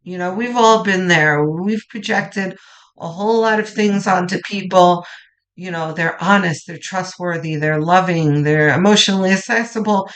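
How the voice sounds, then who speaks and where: A tarot reader walks through a pick-a-card reading at a moderate pace in a mid-range voice. The delivery is kind and reassuring, often starting over and letting sentences fade softly.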